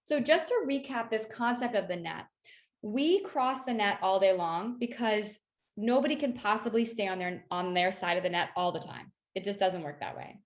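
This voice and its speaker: A woman's voice: mid-range voice, expressive, normal speed. Woman coaching a workshop, conversational. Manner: conversational, coaching tone with frequent "right?" and "you know". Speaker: workshop facilitator. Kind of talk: online workshop presentation.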